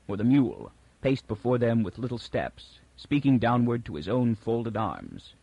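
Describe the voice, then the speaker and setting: A man reading an audiobook in measured, scripted narration. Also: lowish voice, huge pitch swings, vocal fry, a little mellow, slightly rough, no echo, muffled recording.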